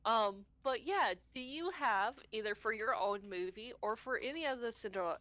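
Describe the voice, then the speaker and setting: A woman co-hosting a casual podcast, retelling movie scenes with animated storytelling and casual swearing. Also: fairly high pitch, moderate pace, few pauses, no room sound. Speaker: podcast co-host.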